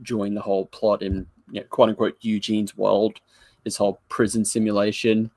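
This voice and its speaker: Co-hosting a live review podcast, a man chats casually, cracking jokes, laughing frequently, and speaking in loose, rambling sentences. His voice is on the low side and a little mellow, with little pitch movement, normal speed, and no room sound.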